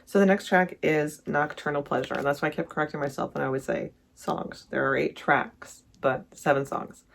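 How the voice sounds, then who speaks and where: Chatty album-ranking vlogger, lots of restarts, gushy, fry in the voice. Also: medium pitch, steady tone, normal speed, fairly bright tone. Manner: rambling, self-correcting, enthusiastic. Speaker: music reviewer vlogger. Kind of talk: casual album ranking commentary.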